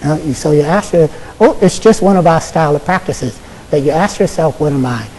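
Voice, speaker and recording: An American man, a Buddhist monk, giving a casual Zen dharma talk to an audience, halting and full of fillers, often checking in with "okay?". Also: on the high side, darkish tone. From United States. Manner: halting, conversational, many fillers and repeated "okay?". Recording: echoey lecture hall.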